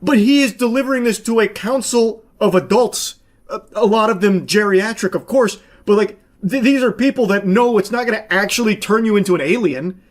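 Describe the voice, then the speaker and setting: A man commentating casually on a clip he pauses, with sarcastic, profane, exasperated rants. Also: high-pitched.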